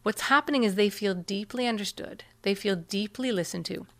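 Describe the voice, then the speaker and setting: A woman guest in an interview, explaining parenting techniques in an earnest, animated way and often acting out what kids and parents say. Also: medium pitch, normal speed.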